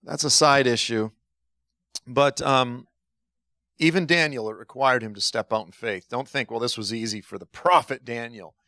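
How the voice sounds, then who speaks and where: A man's voice: mid-range voice, moderate pace, no echo, studio quality. A middle-aged man preaching a conversational sermon, telling stories with acted-out dialogue and laughing at himself. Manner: animated storytelling, acts out dialogue, laughs at himself.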